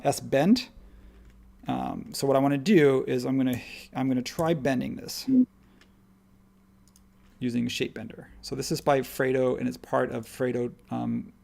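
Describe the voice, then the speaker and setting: Chatty male tutorial host, rambles while working, gravelly texture. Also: mid-range voice, a little mellow. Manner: rambling, upbeat, thinks aloud while working. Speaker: live stream host and modeling instructor. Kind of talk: live software tutorial, casual and chatty.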